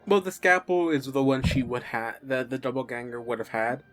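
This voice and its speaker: A man acting as game master, narrating a tabletop game in a relaxed, halting way with many fillers. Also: mid-range voice, soft background music.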